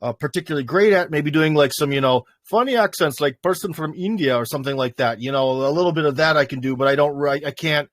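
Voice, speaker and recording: A man's voice: fairly high pitch, fast talker, hardly any pauses, fairly bright tone, dry recording, clean studio sound. A man hosting a livestream, chatting casually in a loose, rambling way full of fillers. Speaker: livestream host. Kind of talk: casual chat. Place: in front of a green screen.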